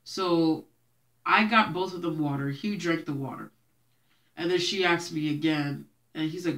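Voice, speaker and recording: A woman's voice: low voice, unhurried, a bit bright. A young woman who grew up speaking Haitian Creole, telling childhood stories to her viewers in a chatty way and laughing often. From Haitian family, raised in Brooklyn. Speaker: vlogger. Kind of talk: casual storytelling to camera.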